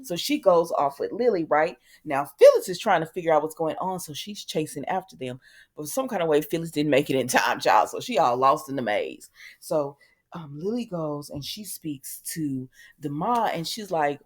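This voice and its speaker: A woman's voice: lowish voice, moderate pace. A woman host recapping soap opera episodes in casual, chatty talk, acting out the characters' lines with lots of ums. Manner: chatty and animated, acts out quotes, many ums.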